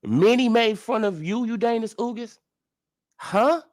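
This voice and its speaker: A man's voice: very high voice, a little slow, a little mellow. A man ranting in sports commentary as a vlogger, profane and incredulous, firing off heated rhetorical questions.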